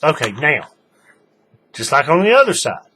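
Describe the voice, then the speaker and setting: A man's voice: on the high side, wildly swooping pitch, normal speed, bright, forceful tone, slight background noise. A man giving a casual, folksy hands-on craft tutorial, talking while he works. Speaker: paracord tutorial maker.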